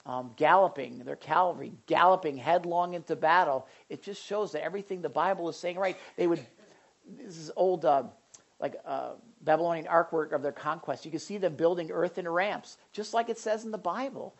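A pastor preaching a sermon, reading scripture and speaking with animated, repetitive emphasis. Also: mid-range voice, moderate pace, highs cut off.

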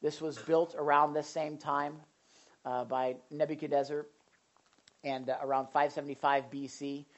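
Brief: energetic pastor mid-sermon, mid-range voice, repeats for emphasis. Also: medium pitch, moderate pace, lo-fi sound. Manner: animated, repetitive emphasis with restarts. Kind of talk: sermon with Bible reading.

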